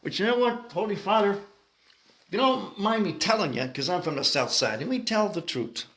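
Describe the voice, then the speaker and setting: A man's voice: high-pitched, lively intonation, normal speed, a bit bright. A man playing a brash, street-talking Chicago South Side guy, speaking with a Chicago accent in a comic monologue full of blunt slang and "you know".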